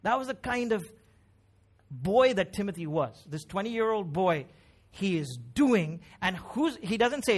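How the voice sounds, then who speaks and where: Middle-aged pastor, man, higher-pitched, chatty yet emphatic preaching. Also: big pitch swings, unhurried. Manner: conversational, emphatic preaching with frequent tag questions. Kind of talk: sermon.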